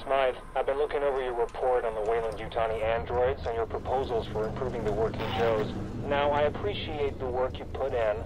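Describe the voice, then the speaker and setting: A man's voice: medium pitch, background noise, lightly acted. An actor playing an arrogant, dismissive male corporate executive who speaks in a curt, condescending way. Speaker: corporate executive in an audio log.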